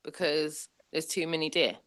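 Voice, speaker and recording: A woman in a casual panel discussion, animated, asking the group questions and repeating her points. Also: low-pitched, normal speed, no room sound, poor audio.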